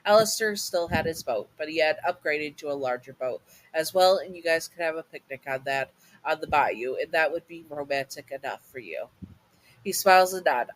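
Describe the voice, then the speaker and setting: A woman's voice: low voice, poor audio. A woman casually reading a second-person fan audio story, often stumbling over and restarting words.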